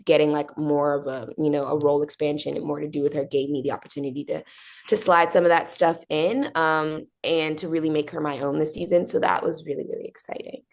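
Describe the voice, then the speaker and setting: A woman's voice: low-pitched, steady tone, brisk, vocal fry. A young woman answering interview questions in a bubbly, chatty way, with many fillers and acted-out quotes. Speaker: actor being interviewed.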